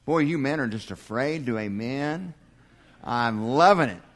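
A man's voice: mid-range voice, lively intonation, a little slow. An older man preaching a sermon as pastor, folksy and humorous, acting out little dialogues.

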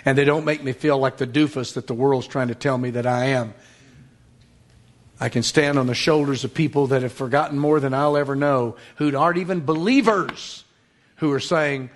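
A man teaching a Bible lesson in sermon style, emphatic, slowing down to stress points and sometimes dropping to a whisper. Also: mid-range voice. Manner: emphatic, slows for stress, drops to a whisper at times. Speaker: preacher.

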